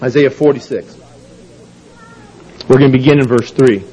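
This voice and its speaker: A man preaching a sermon, reading scripture aloud with measured, emphatic delivery. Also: medium pitch, mellow, husky, poor audio.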